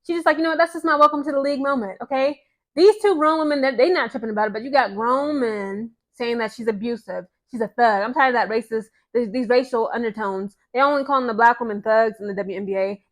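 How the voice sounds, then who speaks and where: A woman's voice: on the high side, fairly bright tone. A woman ranting in casual sports commentary to her viewers, sarcastic and exasperated. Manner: mocks others in put-on voices.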